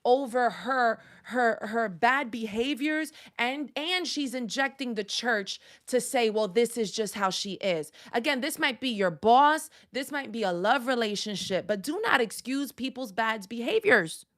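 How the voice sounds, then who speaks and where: A woman's voice: a little high, expressive, unhurried, hardly any pauses, a bit bright. A woman counselor hosting a faith-based live stream, talking emphatically in a preacherly way with exclamations.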